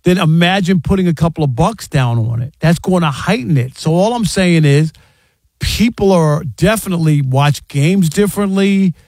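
A man hosting sports talk radio, arguing his point emphatically and acting out fans yelling. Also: a little high, expressive, normal speed, no echo, studio quality. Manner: emphatic, argumentative, acts out fans' yelling.

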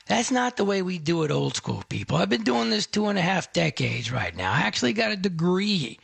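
A man's voice: high voice, big pitch swings, brisk, vocal fry, fairly bright tone, slightly rough, dry recording. A middle-aged man hosting a talk radio tech show, chatty and conversational, speaking to listeners as a friend.

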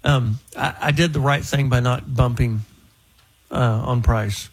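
A man's voice: mid-range voice, steady tone, measured pace, husky, low-quality recording. A male radio host, talking in chatty, teasing banter with callers.

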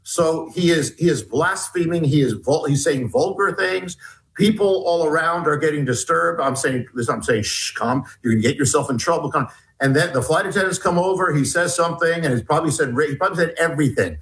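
A male guest recounts an experience in an interview, his voice sitting somewhat high for a man. He talks haltingly, with many false starts and repeated words, acting out the lines of the people in his story. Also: a bit bright, rough recording. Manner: halting, restarts often, quotes dialogue. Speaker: guest, author. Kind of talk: animated storytelling.

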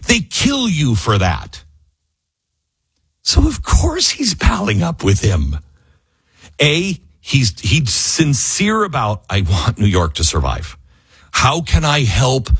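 A man's voice: mid-range voice, slightly rough, dry recording. A man hosting a talk radio show, delivering an opinionated monologue and live ad reads, often mocking people with put-on quotes.

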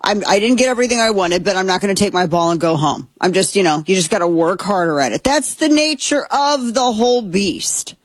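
Husky-voiced woman commenting on politics. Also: on the low side, quick pace, hardly any pauses, dry recording. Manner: rambling and opinionated, with frequent restarts.

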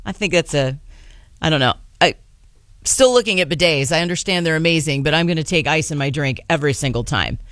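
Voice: medium pitch, fairly quick, fairly bright tone, no echo, clean studio sound. A chatty talk show host introducing clips and bantering with co-hosts.

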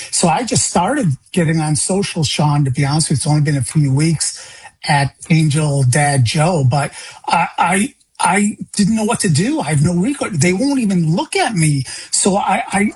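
A man from Illinois with a very husky, rough-edged voice. He talks with raw emotion, stumbling over repeated words while his pitch climbs as he grows upset. He comes across as a guest on a talk show. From Illinois, USA. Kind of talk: phone-in interview.

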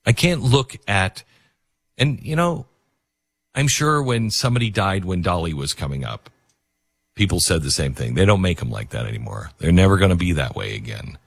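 A man's voice: low-pitched, lively intonation, moderate pace, husky, dry recording, studio quality. A man hosting a talk radio show, rambling in casual commentary with many fillers and restarts.

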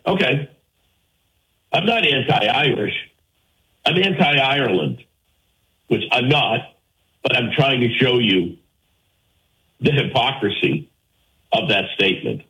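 A man's voice: medium pitch, lively intonation, takes it slowly, pauses often, sharp tone, rough recording. A man hosting a call-in radio show, arguing his point emphatically and firing rhetorical questions at his listeners. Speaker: talk radio host.

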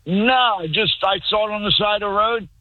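A man's voice: high-pitched, a little fast, dry recording. A man from Florida calling into a radio show, stubborn and stammering as he talks. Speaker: caller. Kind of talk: phone-in radio call. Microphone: phone. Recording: muffled phone line.

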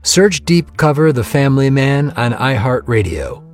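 A man narrating a podcast trailer. He reads dramatically, and his pitch moves widely. Faint music plays behind him. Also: expressive, normal speed. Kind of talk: scripted promo narration.

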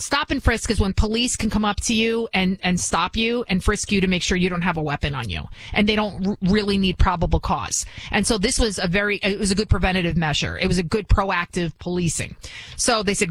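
A woman's voice: on the low side, fairly quick, dry recording, poor audio. A woman hosting political opinion commentary, indignant and firing off rhetorical questions with many restarts. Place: New York City.

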